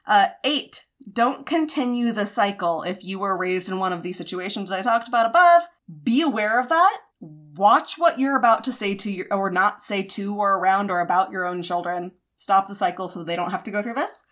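A woman's voice: mid-range voice, normal speed, few pauses, fairly bright tone. A woman in her thirties co-hosting a podcast, giving casual advice in a chatty way with many fillers and acted-out quotes. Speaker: podcast co-host.

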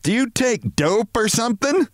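A man's voice: on the high side, very animated, measured pace, no room sound, studio quality, voice pushed up. A man voicing a haughty, brash middle-aged office woman who scolds shrilly. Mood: indignant.

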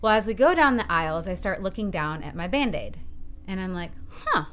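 Middle-aged woman telling a story, giggly, acts out quotes, lively. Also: fairly low pitch, a little fast, a little hiss or hum. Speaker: podcast guest. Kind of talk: casual storytelling.

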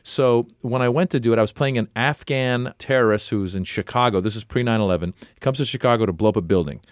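A man's voice: mid-range voice, fast, no echo, studio quality. A middle-aged man, a comedian and actor, telling casual anecdotes as an interview guest and acting out other people's lines. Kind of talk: casual conversational storytelling.

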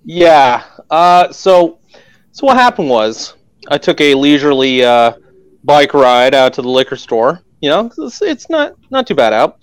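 A man's voice: a little high, sing-song, measured pace, clean tone, dry recording. A man from Canada, a guest telling a heated, profane story in casual chat.

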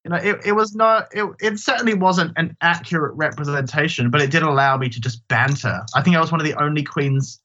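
Guy on a podcast, kinda high voice, chatty and self-deprecating, muffled lo-fi audio. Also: brisk, few pauses, sharp tone. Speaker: guest, drag performer. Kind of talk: casual interview chat.

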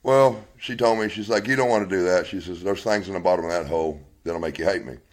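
A man's voice: low-pitched, fast talker, low-quality recording. A blunt man tells his story at length and swears constantly. He rambles from one point to the next and acts out both sides of the argument as he goes. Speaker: interviewee telling his story.

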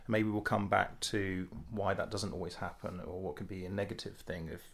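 A man's voice: sits low, fairly even intonation, moderate pace, gravelly. A British man hosting a discussion, probing and challenging his guests. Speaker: host. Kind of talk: moderating a discussion.

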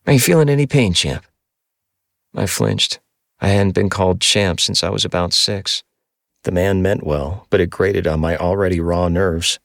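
A man narrating a first-person audiobook in a steady, measured storytelling voice. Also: low-pitched, vocal fry, no room sound, clean studio sound.

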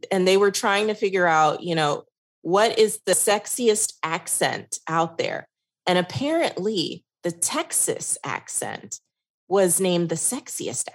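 A woman from New York, a guest on a podcast, chatting and telling stories with easy laughs. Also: fairly low pitch. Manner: chatty storyteller, laughs easily. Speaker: guest, consultant. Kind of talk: casual podcast chat.

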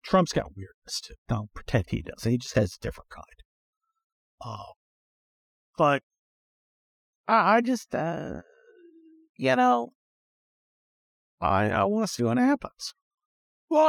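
A man's voice: high-pitched, gravelly, no echo. Blunt, swearing man talking in a car. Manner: blunt, profane, rambling with many fillers. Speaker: podcast host. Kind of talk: casual opinionated chat. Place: inside a car.

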